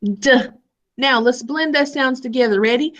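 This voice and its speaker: A woman teaching a live online phonics lesson to young children over a video call, sounding out letters in a slow sing-song way. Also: high-pitched, fairly bright tone, muffled recording.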